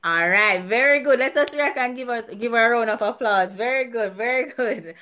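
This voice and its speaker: A woman's voice: a little high, normal speed, bright, forceful tone. Chatty woman hosting an online quiz. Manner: chatty, laughs often, restarts sentences. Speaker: quiz host at an online church gathering. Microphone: video call.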